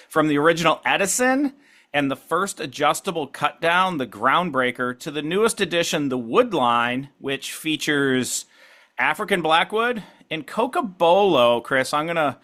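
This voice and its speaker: A man hosting a podcast interview in casual chat, upbeat, laughing often and talking in quick bursts. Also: a little high, bright, forceful tone. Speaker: podcast host.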